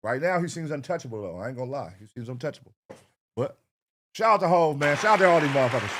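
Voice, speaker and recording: A man's voice: fairly high pitch, expressive, fast, crowd noise, noisy background. A man hosting a reaction show, talking casually and profanely straight to his viewers.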